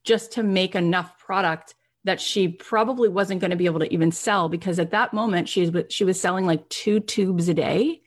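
A woman telling an inspirational success story, animated, acting out the people in it. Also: fairly low pitch, moderate pace, few pauses. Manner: animated retelling with acted quotes, rising intensity. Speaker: motivational speaker.

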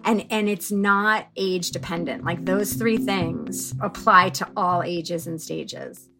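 A middle-aged woman telling a personal story as a podcast guest, animated and chatty with lots of fillers. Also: on the low side, slow pace, music in the background. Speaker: guest, author and mother.

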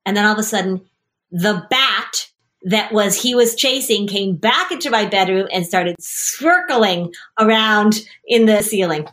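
Woman, host, parenting coach, animated storyteller, mid pitch. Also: unhurried. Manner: animated storytelling, acting out quoted voices. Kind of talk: coaching conversation.

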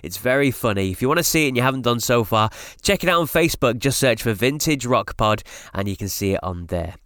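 A man's voice: medium pitch, lively intonation, fast, a bit bright, no echo, studio quality. A man hosting a podcast, introducing the next interview with enthusiastic plugs. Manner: enthusiastic, plugging upcoming content. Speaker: podcast host. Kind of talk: show introduction.

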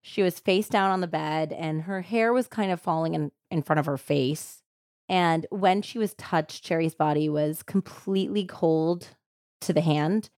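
A woman narrates a true crime case in a relaxed, chatty way, dropping "like" into her sentences as she retells it. Her voice sits a little low. The sound is dry and close, with no room around it. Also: measured pace, no echo. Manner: animated retelling with many "like" fillers. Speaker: true crime podcast host. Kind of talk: casual storytelling chat.

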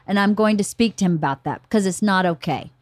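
A woman hosting a podcast, telling a family story in an animated, casual way. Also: medium pitch, quick pace, no echo. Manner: animated, acts out quotes. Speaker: podcast host.

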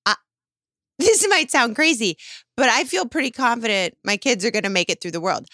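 Middle-aged woman cohosting a chat show, bright sharp voice, super emphatic and jokey about herself. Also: on the high side, a little fast, no echo, clean studio sound. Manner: emphatic, animated, self-mocking. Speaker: podcast co-host. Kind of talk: casual chat.

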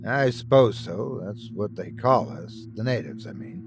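A man's voice: fairly low pitch, very animated, unhurried, vocal fry, over music, heavily acted. A man voicing a large, polite talking alien creature who speaks in a genteel, reasonable way. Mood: courteous calm.

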